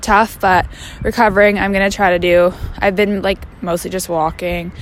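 A woman's voice: medium pitch, flat delivery, moderate pace, slight background noise. Chatty young woman, rambling. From Canada. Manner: rambling and chatty, with many fillers and slangy asides. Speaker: vlogger. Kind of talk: casual chat.

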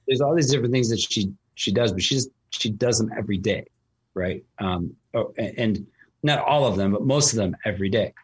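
A man's voice: fairly low pitch, a little fast, husky. A man talking casually as a host, telling a long story with lots of fillers and restarts. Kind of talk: casual conversation.

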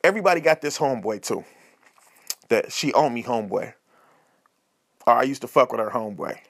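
A man hosting a podcast, giving casual comedic advice in an animated, repetitive, slangy way. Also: mid-range voice, brisk, creaky. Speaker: podcast host.

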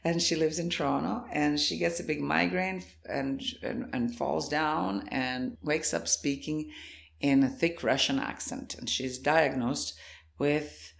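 Croatian-accented woman, gravelly and reflective. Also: deep voice, measured pace. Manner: thoughtful, reflective, laughs easily. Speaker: guest, actor and playwright. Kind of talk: interview conversation.

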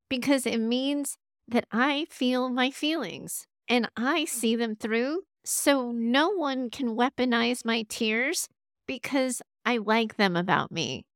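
A woman's voice: on the high side, clear, resonant tone, no echo, studio quality. A woman hosting an advice podcast, talking straight to her listeners with the odd laugh. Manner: warm direct advice, speaking straight to listeners; laughs now and then. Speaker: podcast host.

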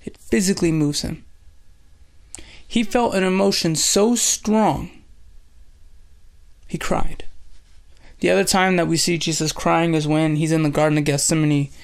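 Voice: mid-range voice, steady tone, measured pace, creaky, long pauses. A host teaching a casual devotional, retelling scripture in slangy everyday speech and acting out dialogue. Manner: acts out dialogue with shifts in voice.

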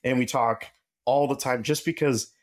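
A man, a podcast guest and machinist, telling stories in casual conversation and acting out quoted dialogue with lively shifts in his voice. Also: mid-range voice, normal speed. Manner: animated, acts out quoted dialogue. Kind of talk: casual storytelling interview.

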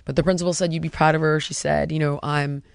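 Her voice is deep with vocal fry, and she talks fast: a woman in her thirties telling her own story in casual conversation. She's emphatic and animated, asks one rhetorical question after another, and lowers to a hush for quoted words, captured in studio quality with no room sound.

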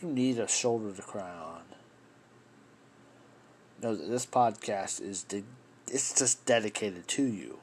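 A man's voice: on the low side, lively intonation, measured pace, pauses often, a little mellow, a little hiss or hum. A man hosting a solo podcast, talking in an impassioned, rambling way, swearing and addressing his listeners as folks. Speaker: podcast host. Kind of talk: solo political podcast rant.

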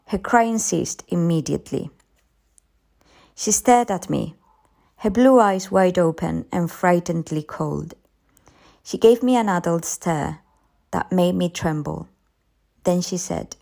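A woman narrating a ghost story in a measured, dramatic way for English learners. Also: fairly low pitch, vocal fry, a little mellow.

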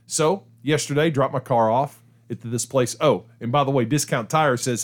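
A man's voice: mid-range voice, normal speed, hardly any pauses. A middle-aged man hosting a radio show, telling a story in casual chat and laughing as he goes. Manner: chatty, laughs through his stories.

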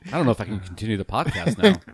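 A man's voice: lowish voice, very animated, very fast, husky, no room sound. A man co-hosting a podcast in casual chat, joking and sarcastic, on a close mic. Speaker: podcast co-host.

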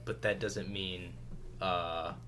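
Low-voiced laid-back man. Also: fairly even intonation, slow pace, pushed and bright, a little hiss or hum. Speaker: podcast host. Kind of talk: casual chat.

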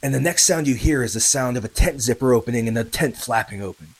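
A man with a husky, slightly breathy voice narrates a true story for his podcast. He keeps it loose and chatty, speaks straight to the listener, and presses louder and more urgent as the story builds. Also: mid-range voice, expressive, quick pace, poor audio. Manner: conversational, addresses listeners, many fillers and tag questions; grows louder and more urgent at tense moments.

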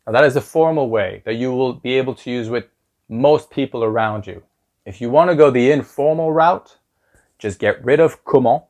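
A man hosting a podcast language lesson as a teacher, upbeat and repeating phrases with exaggerated rising intonation. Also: mid-range voice.

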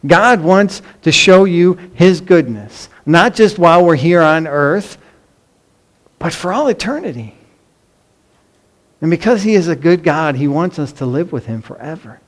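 A man's voice: fairly high pitch, animated, unhurried. A middle-aged man preaching a sermon in an earnest, emphatic way, often asking the congregation rhetorical questions. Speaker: pastor.

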